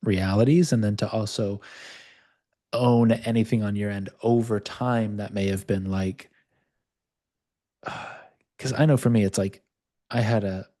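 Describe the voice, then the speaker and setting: A man hosting a live video call session, calmly coaching a participant and talking openly about his own past. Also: on the low side, unhurried, long pauses. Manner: calm, reflective, speaks of own past openly.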